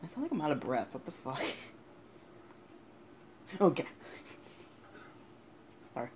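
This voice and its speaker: A young man talks over his game in loose, casual commentary, cursing freely and flaring into angry rants. His voice sits at an ordinary middle pitch. A clear layer of noise runs under the recording. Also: wildly swooping pitch, slow pace, pauses often. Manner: swears a lot, angry outbursts. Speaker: gameplay commentator. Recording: noisy home recording.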